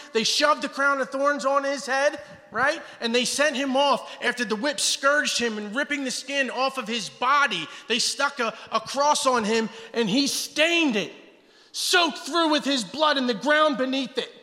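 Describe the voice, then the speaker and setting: Impassioned high-voiced male preacher. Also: long reverb tail. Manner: impassioned, swings from loud exclamations to hushed intensity. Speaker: guest preacher. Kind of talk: sermon.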